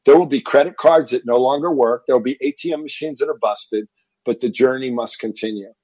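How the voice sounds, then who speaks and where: Man, 50s, from Texas, husky voice, dry recording, animated storyteller, repeats words. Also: mid-range voice, a little fast, no echo. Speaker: guest, fitness entrepreneur. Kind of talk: interview storytelling.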